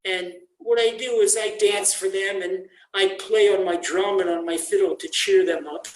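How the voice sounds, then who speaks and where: Humble shabby old janitor, read by a male teacher, slightly high, echoey room. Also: steady tone, moderate pace, natural voice.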